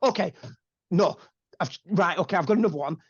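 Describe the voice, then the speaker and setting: A man's voice: high-pitched, brisk, slightly rough, no echo, muffled recording. A young English man, a podcast guest, ranting loosely and swearing freely in casual chat. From England.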